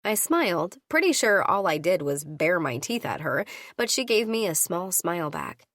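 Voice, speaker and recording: A woman reading a first-person audiobook, voicing each character with her own shifts in pitch. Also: sing-song, moderate pace, fairly bright tone, no room sound, clean studio sound. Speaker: audiobook narrator.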